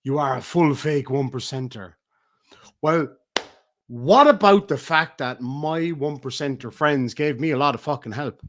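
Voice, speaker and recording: A middle-aged Irish man ranting on a livestream, profane and taunting, swinging between loud outbursts and low mutters. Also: unhurried. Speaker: streamer. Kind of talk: heated livestream rant.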